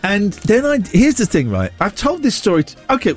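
A podcast co-host tells a story in casual chat at a normal speed, his delivery animated. He acts out quoted lines with big leaps in pitch.

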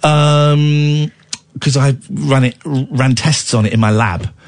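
A man's voice: medium pitch, takes it slowly. A man hosting late-night talk radio, tired with a cold, talking in a playful, mock-indignant way. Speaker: radio host.

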